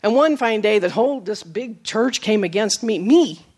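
A woman preacher giving a sermon, telling stories with acted quotes, moving from emphatic lines to soft, low asides. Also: expressive, normal speed, slightly rough. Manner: storytelling, with acted quotes and laughs.

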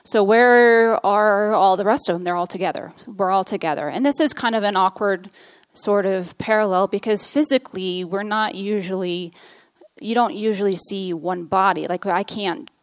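A woman's voice: medium pitch, moderate pace, no room sound. A woman preaching a sermon, reading scripture aloud and explaining it in an earnest teaching manner with frequent fillers.

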